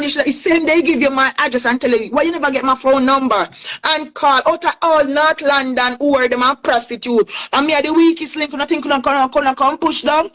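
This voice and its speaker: Heated Jamaican woman, high voice. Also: a bit bright, poor audio. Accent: Jamaican, Clarendon. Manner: heated, repetitive, defiant. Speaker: accused woman responding. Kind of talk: angry social media rant.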